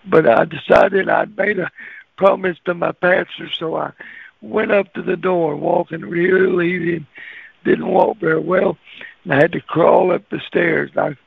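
A folksy male radio preacher telling stories in a high, gravelly voice with a husky edge. The sound is dry and squeezed thin, like a phone line. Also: fairly even intonation, a little slow, no room sound. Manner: folksy, laughs at his own stories. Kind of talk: storytelling radio sermon.

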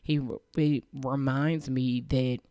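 A woman in her thirties hosting a podcast, talking earnestly and emotionally, with halting restarts and repeated phrases. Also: rumbling low, steady tone, dark tone, dry recording, clean studio sound. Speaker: podcast host. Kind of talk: heartfelt faith-based podcast monologue.

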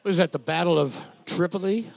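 A man's voice: sits high, a little fast, vocal fry, no room sound. A man co-hosting a trivia night, reading out team numbers and trading offhand quips. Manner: quips with dry, offhand humor. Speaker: trivia co-host and scorekeeper. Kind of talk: casual banter and reading out scores.

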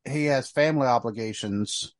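A man's voice: medium pitch, normal speed, no room sound. A man hosting a wrestling podcast, talking casually with frequent fillers and restarts. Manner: rambling, fillers, trailing off. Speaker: podcast host. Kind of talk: casual chat.

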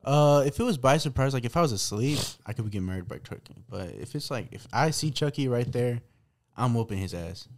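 A young man co-hosting a podcast, talking in a laid-back, halting way, full of "like"s and restarts. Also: medium pitch, lively intonation, darkish tone, slight background noise. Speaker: podcast co-host. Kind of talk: casual chat.

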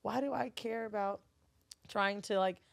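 A woman's voice: medium pitch, a little slow, creaky. A woman from Florida chatting as a podcast guest, candid and profane, laughing often and leaning on filler words. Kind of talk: casual podcast chat.

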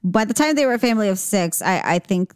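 A woman's voice: medium pitch, lively intonation, fast talker, a little mellow, clean tone, no echo, studio quality. A woman chatting casually with her sister, telling stories with laughs and the odd swear. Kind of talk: casual chat between sisters.

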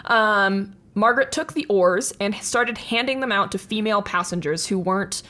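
A woman's voice: mid-range voice, normal speed, pushed and bright. A woman co-hosting a podcast, casually telling a history story with lots of fillers and laughs. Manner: chatty, laughs often, many fillers. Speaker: podcast co-host.

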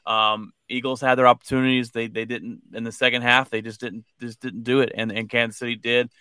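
A man's voice: medium pitch, flat delivery, bright, forceful tone, clear, resonant tone, dry recording. Man, co-host, casual sports chat, hesitant restarts, clean dry close sound. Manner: halting, many restarts and fillers; reads out listener comments.

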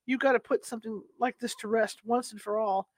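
A woman voicing a tired, practical husband who speaks flatly and dismissively, in an audiobook reading. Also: a little high, fairly quick, no room sound, lightly acted. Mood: weary.

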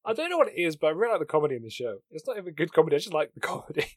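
A man's voice: a little high, sing-song, very fast, no echo, studio quality. A man co-hosting a casual podcast review, laid-back and agreeable, chiming in with short replies and laughs. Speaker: podcast co-host. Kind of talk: casual spoiler review chat.

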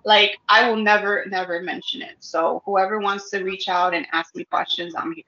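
A woman guest talking casually about her work as a cannabis educator, animated, laughing often and acting out dialogue. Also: medium pitch, moderate pace. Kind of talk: casual interview chat. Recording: dull lo-fi audio in an echoey room.

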